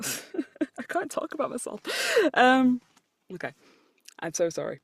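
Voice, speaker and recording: A woman's voice: high-pitched, sing-song, measured pace, gravelly, husky, no echo. Chatty British woman with a dry sound. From United Kingdom. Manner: chatty, self-deprecating, laughs often, stumbles over takes. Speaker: guest voice actor and coach. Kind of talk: casual podcast interview. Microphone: remote call recording.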